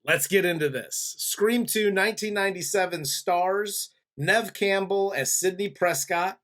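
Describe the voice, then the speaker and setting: A man's voice: high-pitched, measured pace, fairly bright tone. Easygoing man hosting a review show. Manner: easygoing, laughs often. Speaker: podcast host. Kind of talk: casual movie review chat.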